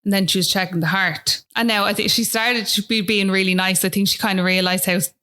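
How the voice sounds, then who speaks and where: A woman's voice: mid-range voice, steady tone, a little fast, bright, forceful tone. A woman with an Irish accent, a podcast guest telling a personal story in a chatty way, often asking "do you know what I mean".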